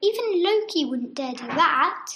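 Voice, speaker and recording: A woman narrating a storybook myth in a dramatic, expressive way. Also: high-pitched, measured pace. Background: loud music.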